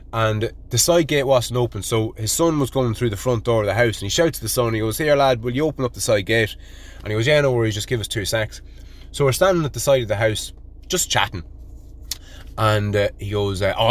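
An Irish man hosting a podcast, telling a rambling anecdote in a casual, animated way and swearing constantly. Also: medium pitch. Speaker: podcast host. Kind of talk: casual storytelling monologue.

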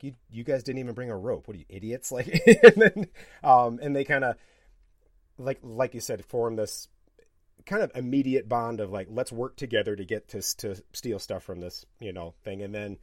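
A man co-hosting a film podcast, casually retelling scenes in an animated way and often laughing between points. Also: mid-range voice, dry recording, studio quality. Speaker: podcast co-host.

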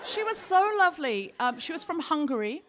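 A woman's voice: high-pitched, big pitch swings, brisk, a crowd in the background, background noise. A woman hosting a comedy podcast who tells a comic story in a playful, mock-dramatic way.

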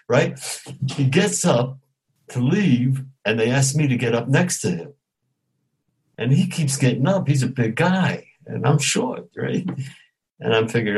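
A middle-aged man, an actor guest telling an animated anecdote and acting out the voices in it. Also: medium pitch, normal speed, breathy edge, rough recording. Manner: animated storyteller who acts out quoted voices. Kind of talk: storytelling anecdote.

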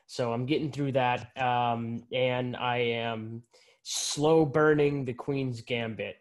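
A man's voice: medium pitch, steady tone, takes it slowly. A man who is a guest in a casual interview, giving easygoing and thoughtful answers.

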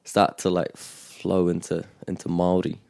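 Deep, mellow New man teaching. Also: completely flat delivery, vocal fry, no echo, studio quality. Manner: measured, explanatory, with restarts. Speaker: te reo Māori teacher and podcast host. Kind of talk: bilingual language lesson chat.

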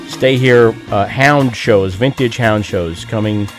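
A man's voice: on the low side, slow, faint music behind. Self-deprecating male show host. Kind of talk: casual host talk.

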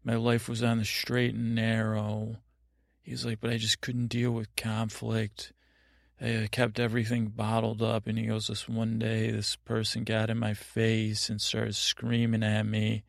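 A man's voice: fairly low pitch, monotone, a little slow, gravelly, no room sound, clean studio sound. A man hosting a sleep podcast, telling a meandering, absurd bedtime story that keeps trailing off and restarting. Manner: meandering, absurd, self-interrupting. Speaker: podcast host.

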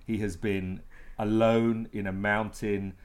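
A man with a fairly low voice delivers a made-up news story in a deadpan, rambling way. He is a guest on a comedy podcast and tells the absurd report as if it were serious. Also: slow pace.

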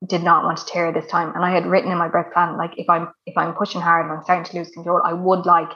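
A woman's voice: on the low side, little pitch movement, quick pace. A woman, telling her birth story in a chatty way full of fillers. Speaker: guest sharing a birth story. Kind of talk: casual storytelling. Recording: dull lo-fi recording.

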